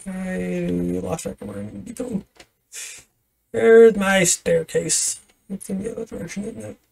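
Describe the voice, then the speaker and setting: Female streamer, casual gameplay commentary, unhurried pace, gravelly fry, anxious little laughs. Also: mid-range voice, fairly even intonation, a little mellow. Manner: nervous laughs, talks to game creatures. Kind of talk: casual let's-play commentary.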